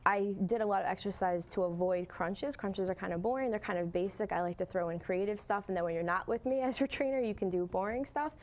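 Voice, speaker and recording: A woman with a mid-pitched voice, a fitness trainer co-hosting the show, talks casually and brightly about exercises. She walks the audience through each move and keeps an easy, chatty tone. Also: quick pace, few pauses. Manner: upbeat, explains exercises to the audience. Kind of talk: casual talk-show explanation.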